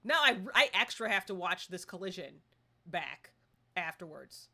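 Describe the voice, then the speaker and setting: A young woman live-streaming a game, chatting casually and excitably and breaking into squeals. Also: fairly low pitch, takes it slowly, creaky, pauses often.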